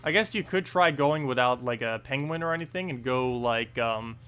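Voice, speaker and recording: A man's voice: mid-range voice, normal speed, sharp tone, clear, resonant tone. A young man with a New Jersey accent giving casual, rambling commentary while he streams a game, full of ums and uhs. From United States. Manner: rambling, many ums and uhs, chuckles at himself. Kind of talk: casual live gameplay commentary.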